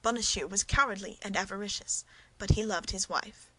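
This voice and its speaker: A woman narrating a classic novel as an audiobook, reading in a measured, clear way. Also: mid-range voice, sharp tone, dry recording, rough recording. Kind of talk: scripted narration.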